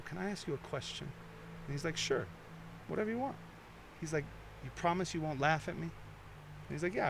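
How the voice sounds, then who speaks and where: This podcast guest's voice sits a little high, with background noise audible over his headphones and studio mic. He tells long, profane stories in a casual way, dropping into quoted voices as he goes.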